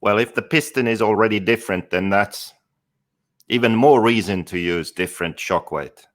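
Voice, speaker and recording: A man with a very low voice talks on a casual podcast. He lays out technical details methodically, one step at a time, in a relaxed chat style. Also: normal speed. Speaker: podcast co-host and expert.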